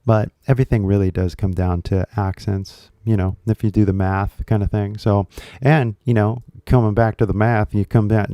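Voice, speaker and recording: A man's voice: lowish voice, fairly even intonation, moderate pace, dry recording, highs cut off. A man with a Californian accent, casually chatting to camera as the host of an English-learning video, rambling and jokey with lots of fillers.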